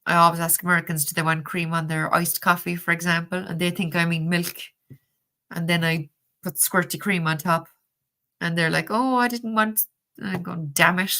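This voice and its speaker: A woman's voice: on the low side, flat delivery, moderate pace, pushed and bright. A woman with a Cork Irish accent chatting casually on a live stream, laughing often and swearing freely while reviewing a tarot deck. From Ireland.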